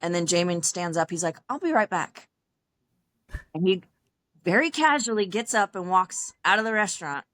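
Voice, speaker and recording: A young adult woman, a podcast guest, telling her personal story in a casual, animated way, acting out other people's lines with laughs and fillers along the way. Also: lowish voice, brisk, dry recording. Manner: animated, acts out quoted dialogue, frequent laughs and fillers.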